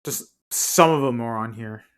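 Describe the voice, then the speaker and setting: A man's voice: medium pitch, moderate pace, clean tone. A young man streaming live, chatting casually in rambling asides that often correct themselves.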